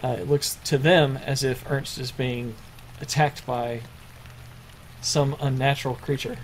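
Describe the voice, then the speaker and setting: A man narrating a tabletop game as game master, halting often with fillers. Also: mid-range voice, steady tone, slight background noise. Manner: hesitant, filler-heavy narration.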